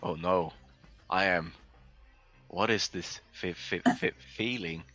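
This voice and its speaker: A man's voice: deep voice, takes it slowly, bright, forceful tone, faint music behind, voice pushed down, exaggerated voice. A man voicing a timid young male hero who stutters heavily on every few words, in a slightly dull recording. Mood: confused. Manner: heavy stutter.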